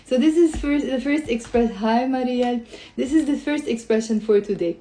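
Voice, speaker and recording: A woman teaching Lebanese Arabic in a live-streamed lesson, chatty and laughing often, greeting viewers as she drills phrases slowly. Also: fairly high pitch, dark tone.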